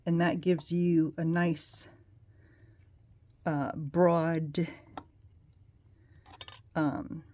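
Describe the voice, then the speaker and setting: A woman's voice: low-pitched, little pitch movement, very slow, long pauses, a little mellow. A woman hosting a casual nail polish tutorial, chatty and rambling, with self-deprecating asides as she demonstrates.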